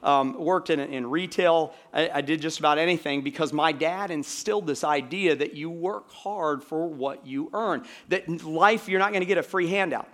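A man's voice: on the high side, a little fast, few pauses, fairly bright tone. A middle-aged man from Georgia preaching a sermon as pastor, in a conversational way with many fillers and asides to the congregation. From Georgia, USA.

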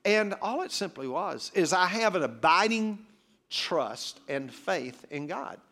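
Animated preacher man, lively pitch. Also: takes it slowly. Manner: animated, humorous storyteller. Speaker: guest preacher. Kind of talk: sermon with personal storytelling.

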